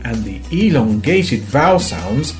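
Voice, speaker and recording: Posh English man, slow and drawn-out, very lively pitch, faint guitar underneath. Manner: slow, elongated vowels. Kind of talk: accent demonstration.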